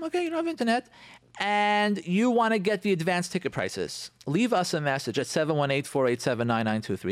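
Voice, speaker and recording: A man with a high-sitting voice hosts a radio talk show, animatedly promoting an event. He repeats phrases and sprinkles in Hebrew expressions. The recording has no echo.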